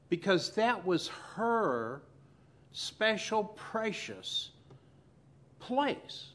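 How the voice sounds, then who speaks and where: A man preaching a sermon as pastor, swinging between loud emphasis and quiet, soft asides. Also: sits high.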